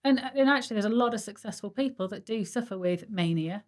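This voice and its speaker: A woman from Stoke-on-Trent, England co-hosts a relaxed, casual podcast chat. She talks quickly at a middle pitch, explaining ideas in a chatty, psychology-minded way.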